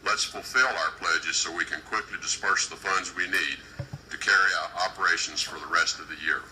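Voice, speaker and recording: A man, a government official, delivering a formal prepared speech at a conference podium in a measured, deliberate and emphatic way. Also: deep voice, fairly even intonation, sharp tone, slight background noise, poor audio.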